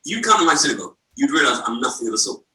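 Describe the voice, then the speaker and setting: A man on stage doing comic back-and-forth with a partner, telling jokes in a deadpan way and mimicking voices in his stories. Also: mid-range voice, racing, roomy sound, far from the mic, low-quality recording. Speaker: comedian. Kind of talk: comic double act on stage. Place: live event before a laughing audience.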